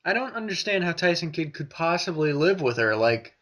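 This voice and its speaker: A man co-hosting a casual review podcast, ranting and swearing with lively, exasperated energy. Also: a little high, brisk. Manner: ranting, profane, animated. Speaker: podcast co-host.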